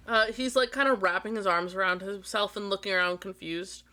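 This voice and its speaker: A woman runs a tabletop game as game master, narrating scenes in a rambling way full of fillers. Her voice is bright and forward, at a middling pitch. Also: steady tone, brisk. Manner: rambling, many fillers and apologies.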